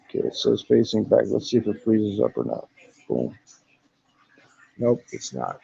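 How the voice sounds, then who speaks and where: Gravelly laid-back man streaming from a phone. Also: lowish voice, very animated, moderate pace, mellow, muffled recording. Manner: laid-back, swears often, keeps saying "man". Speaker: live streamer. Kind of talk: casual live-stream walkaround. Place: hostel in Thailand. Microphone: phone camera.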